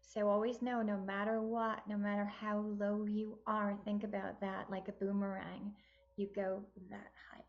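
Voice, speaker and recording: A woman's voice: mid-range voice, level tone, moderate pace, hardly any pauses, muffled recording. A woman around sixty, a podcast guest speaking emphatically and upbeat in a motivational tone. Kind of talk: casual interview chat.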